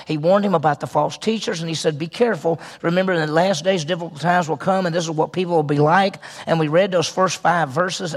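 A pastor delivers a sermon in a fairly high voice with a gravelly edge. He preaches earnestly, stressing points by repeating words and restarting phrases. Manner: earnest preaching with emphatic repetitions and self-corrections.

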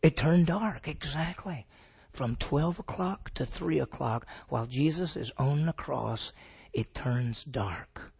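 A man's voice: on the high side, slow, vocal fry, a little mellow, husky. A man teaching the Bible to a group, asking his listeners questions and answering them himself.

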